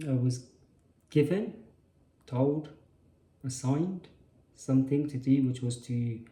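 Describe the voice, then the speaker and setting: A man's voice: medium pitch, warm tone. A man telling a personal story in a hesitant way, often restarting and correcting himself. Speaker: spiritual channel host. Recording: roomy echo.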